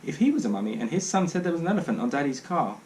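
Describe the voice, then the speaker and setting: A man reads a children's storybook aloud, his voice rising and falling in lively swings. He sits a touch above the usual male pitch and narrates in a dry, wry way. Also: very fast, a little hiss or hum, poor audio. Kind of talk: reading a children's book aloud.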